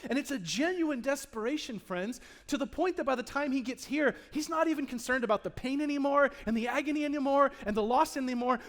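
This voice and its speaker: A man preaching a sermon to a live congregation. He speaks dramatically, acts out the people in the story, and swings between hushed and loud delivery. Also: extremely high pitch. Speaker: pastor. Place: church in front of a live congregation.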